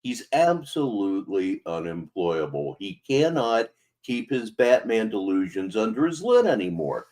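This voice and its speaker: A man delivers sardonic commentary at an unhurried pace. His pitch swings widely as he lingers over his put-downs. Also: sing-song, darkish tone. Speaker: commentary channel host. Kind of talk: mocking commentary.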